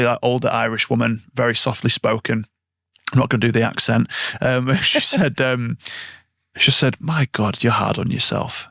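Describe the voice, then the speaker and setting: A man hosts a conversational podcast, his mid-pitched voice gravelly at the edges. He tells stories in a reflective, unhurried way, and the sound is close and dry with no room around it. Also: fairly bright tone, no echo. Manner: reflective, anecdotal, drawn-out phrasing. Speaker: podcast host. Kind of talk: conversational interview.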